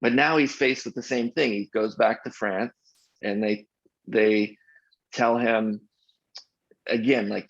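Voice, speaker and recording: Gravelly low-voiced man telling stories. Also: slow pace, long pauses, no echo. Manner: animated anecdotal storyteller, frequent restarts. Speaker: podcast guest. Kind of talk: casual interview storytelling. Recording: dull lo-fi dry sound.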